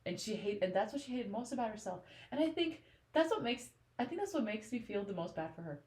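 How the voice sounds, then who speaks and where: A woman's voice: fairly high pitch, sing-song, fast, darkish tone. A woman co-hosting a podcast in casual chat about a book. She talks emotionally and gushes, with lots of "like" fillers. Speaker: podcast co-host. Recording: roomy echo.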